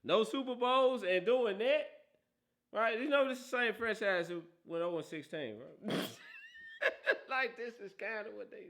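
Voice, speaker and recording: A man's voice: high-pitched, moderate pace, fairly bright tone. A man hosting a casual football talk show, teasing and laughing often, with a habit of asking "right?". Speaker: host.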